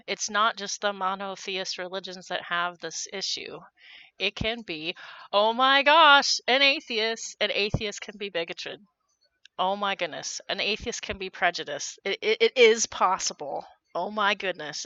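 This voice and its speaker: A woman's voice: mid-range voice, bright, forceful tone, no room sound. A woman streamer talking casually and sarcastically from home, laughing often. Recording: dull lo-fi stream audio.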